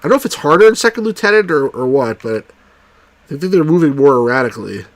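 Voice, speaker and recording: Lively, excitable man playing a game. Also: fairly high pitch, fast talker. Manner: excitable, jokey, does movie impressions. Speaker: let's play host. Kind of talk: casual gameplay commentary.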